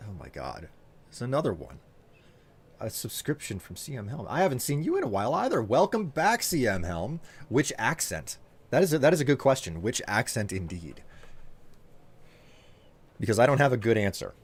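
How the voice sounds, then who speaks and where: A man's voice: mid-range voice, big pitch swings, moderate pace, pauses often, breathy edge. A man streaming live, chatting casually and teasing his viewers while thanking them by name.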